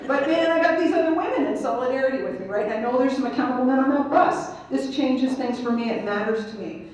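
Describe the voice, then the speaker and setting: A woman with a high-sitting voice speaks at a quick pace during her keynote in a large conference hall. She's animated, bringing the people in her humorous story to life by acting them out. A distant mic captures the echoey room.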